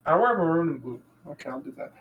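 A man's voice: a little high, lively intonation, fast, lo-fi sound, a little hiss or hum. A man co-hosting a podcast with friends over a call, rambling and playful. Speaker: podcast co-host. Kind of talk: casual chat among friends.

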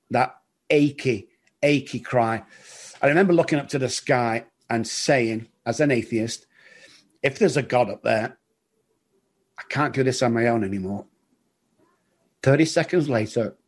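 A middle-aged man telling his recovery story in an interview, earnest and halting, often repeating words. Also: medium pitch, darkish tone. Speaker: guest in recovery.

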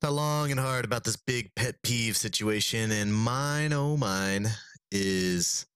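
A young man co-hosting a comedy podcast, telling a long, animated rambling rant. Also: medium pitch, slow, smooth, dry recording, clean studio sound. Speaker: podcast co-host. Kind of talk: casual comedic podcast chat.

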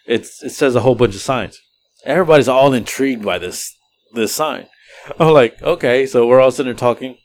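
A man, hosting a podcast and telling rambling, animated stories about his rides as an Uber driver, laughing often as he goes. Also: mid-range voice, brisk. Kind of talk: casual podcast storytelling.

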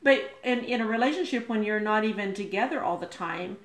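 A woman's voice: medium pitch, fairly quick. Sociable woman laughing in a roomy space. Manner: sociable, laughs often, earnest. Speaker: guest. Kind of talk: casual conversation.

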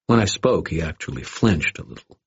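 A man with a very low, deeply husky voice narrates a first-person story. His delivery is measured and gently wry, and the recording sounds dull and lo-fi. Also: expressive, no echo. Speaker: audiobook narrator.

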